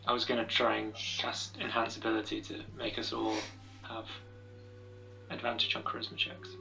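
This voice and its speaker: A man's voice: on the low side, monotone, normal speed, gravelly, pushed and bright, a little hiss or hum, rough recording. A British man playing a tabletop game, thinking aloud with many fillers and restarts. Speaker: player. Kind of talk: casual tabletop game chat.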